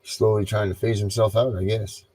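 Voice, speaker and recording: A man's voice: fairly low pitch, little pitch movement, moderate pace, warm tone, low-quality recording. A man hosting a casual livestream chat, loose and rambling, with frequent ums. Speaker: livestream host.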